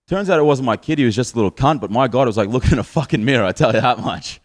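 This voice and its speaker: A man's voice: mid-range voice, lively intonation, rapid-fire, hardly any pauses. An Australian man in his twenties doing a stand-up comedy set on stage, with swearing, boozy, self-mocking banter to the crowd.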